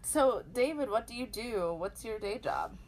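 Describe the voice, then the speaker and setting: A woman from rural Pennsylvania co-hosting a podcast, telling a personal story in a wry, animated way. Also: fairly high pitch, unhurried. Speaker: podcast co-host. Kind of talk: storytelling in casual podcast chat.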